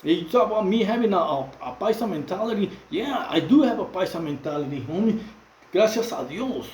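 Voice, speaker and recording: High-voiced Mexican man in a roomy echo. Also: animated, brisk, darkish tone. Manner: repetitive, many fillers and restarts, street slang. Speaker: channel host. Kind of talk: casual monologue to camera. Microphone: phone.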